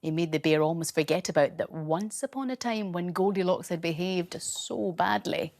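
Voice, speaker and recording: A woman reading a bedtime story for children, gentle, soothing and playful. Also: on the low side, normal speed.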